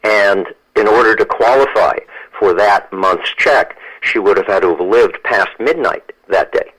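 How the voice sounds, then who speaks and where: A man's voice: lowish voice, measured pace, a bit bright, breathy edge, low-quality recording. A man in his sixties, a guest author and lawyer, talking emphatically in a radio interview and often repeating words as he goes.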